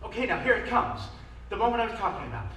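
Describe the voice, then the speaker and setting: A man's voice: high voice, sing-song, fast talker, sharp tone, heavily acted. An actor playing a wistful musical fan who confides in the audience, rambling as he talks. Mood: eager. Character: wistful middle-aged male musical fan narrating. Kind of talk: stage musical performance. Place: theater stage. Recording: echoey stage from far off with noise.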